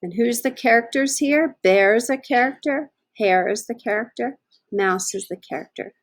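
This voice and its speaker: A woman teacher reading a picture book aloud to young children, stopping to ask them questions. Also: mid-range voice. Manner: slow, sing-song, asks children questions.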